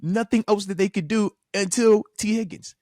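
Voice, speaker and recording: A man hosting casual sports talk, animated and emphatic, repeating himself when he gets worked up. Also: high voice, normal speed, no echo, studio quality. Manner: animated, frustrated, emphatic repetition. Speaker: podcast host, former linebacker.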